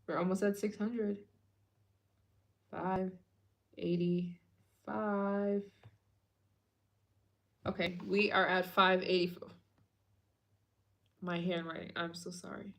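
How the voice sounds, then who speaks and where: A woman's voice: fairly even intonation, slow pace, creaky, pauses often. Tired chatty woman on a late-night livestream. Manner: chatty and loose, fillers and repeats, drops to a low tired murmur. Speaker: travel vlogger hosting a fundraiser livestream.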